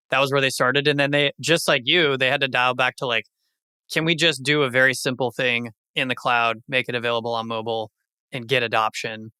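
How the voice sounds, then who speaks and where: A man's voice: medium pitch, pushed and bright, smooth, dry recording. A man co-hosting a podcast, talking in a loose, conversational way with many fillers. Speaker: podcast co-host. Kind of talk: casual interview talk.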